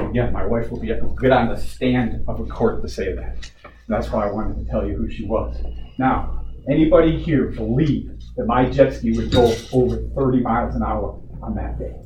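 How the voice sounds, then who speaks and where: This resident's voice sits on the low side, darkish and steady, at a normal speed, as he gives public comment to a community board. His complaint comes out indignant, packed with rhetorical questions, and the sound is echoey, distant, dull, and faintly hissy.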